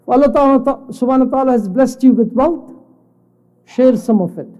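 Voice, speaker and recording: A man's voice: extremely high pitch, a little fast, mellow, low-quality recording. A man giving a Friday sermon at a mosque, telling a story and then putting questions to the congregation. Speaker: khutba speaker.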